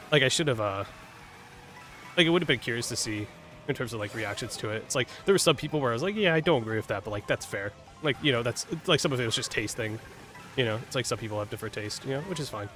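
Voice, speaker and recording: A man's voice: medium pitch, expressive, fast, pauses often, sharp tone, soft background music. A man casually commenting while playing a game, rambling with lots of fillers, swearing and laughing at his own mistakes. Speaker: gaming streamer.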